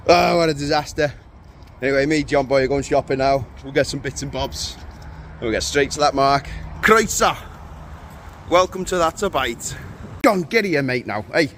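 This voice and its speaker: A man's voice: mid-range voice, moderate pace, fairly bright tone, slight background noise. A man hosting a fishing vlog in casual, jokey banter, often laughing and teasing his mate. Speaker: fishing video host.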